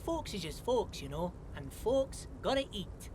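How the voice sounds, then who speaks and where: A man's voice: sits high, sing-song, a little slow. A man voicing a cheerful, chatty male dockworker in a video game, with a thick Scottish accent and a folksy, sing-song way of talking. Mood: friendly. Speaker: game character. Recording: game audio with clear background noise.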